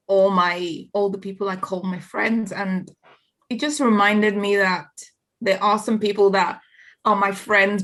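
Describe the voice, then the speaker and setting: A woman's voice: mid-range voice, a bit bright. A woman, co-hosting a podcast, chatty and teasing in a casual group talk. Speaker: podcast co-host.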